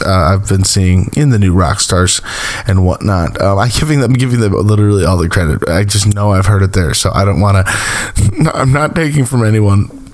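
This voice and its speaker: A man's voice: on the low side, moderate pace. A man casually recapping a TV episode, rambling with lots of fillers and small chuckles. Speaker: TV recap host.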